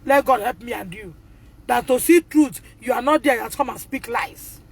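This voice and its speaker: Indignant Nigerian mother with a high voice who drives her points home by repeating them. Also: moderate pace. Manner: emphatic and indignant, repeating phrases, addressing the school directly. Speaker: mother of a pupil. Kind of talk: impassioned live video appeal.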